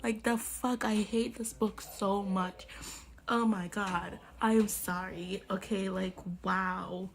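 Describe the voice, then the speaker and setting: A woman's voice: mid-range voice, fairly even intonation, takes it slowly, vocal fry. A young woman talking casually about a book she is reading, slangy and swearing freely as she rants. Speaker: book reviewer. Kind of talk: casual book review vlog.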